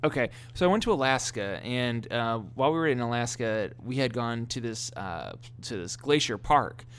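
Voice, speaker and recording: A man's voice: medium pitch, moderate pace, clear, resonant tone. A man telling funny family stories in a casual podcast chat, laughing often and restarting his sentences. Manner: animated storyteller, laughs often, many restarts. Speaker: podcast co-host.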